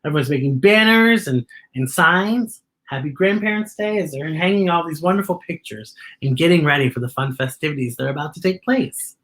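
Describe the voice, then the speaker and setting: A woman's voice: deep voice, expressive, fairly quick, few pauses, fairly bright tone. Woman reading a children's story aloud. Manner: adds her own commentary while describing the pictures. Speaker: storyteller host.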